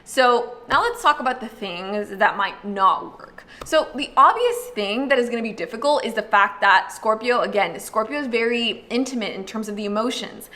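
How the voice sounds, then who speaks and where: A woman hosting an astrology video, talking casually and explaining to the viewer, full of "like" and quick acted-out quotes. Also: fairly high pitch, animated, sharp tone. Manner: chatty, uses lots of "like", acts out quick voices. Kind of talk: casual explanatory talk to camera.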